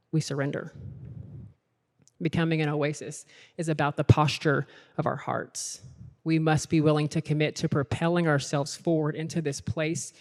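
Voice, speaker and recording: A man giving an earnest sermon at a leadership event, repeating his invitations as the talk builds. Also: fairly high pitch. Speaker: conference speaker. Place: large hall with a worship team. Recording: long hall reverb, faint music behind.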